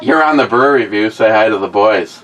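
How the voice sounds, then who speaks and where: A man's voice: lowish voice, normal speed, a bit bright, low-quality recording. A laid-back middle-aged man talks casually for his video. He stumbles over his words and apologizes a lot. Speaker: channel host, father. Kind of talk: casual vlog talk.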